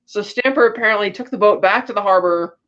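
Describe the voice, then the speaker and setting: A woman's voice: mid-range voice, fast talker, a bit bright, highs cut off. A woman co-hosting a podcast, casually retelling a film's plot and acting out characters' lines as she goes. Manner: chatty retelling with quoted lines and laughs. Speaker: podcast co-host. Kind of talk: casual podcast movie recap.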